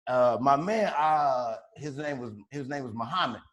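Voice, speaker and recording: A man's voice: mid-range voice, moderate pace, fairly bright tone, lo-fi sound. A man from Chicago telling a wild story on a podcast in a loose, profane, slangy way, laughing as he goes. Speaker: podcast co-host. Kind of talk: casual storytelling.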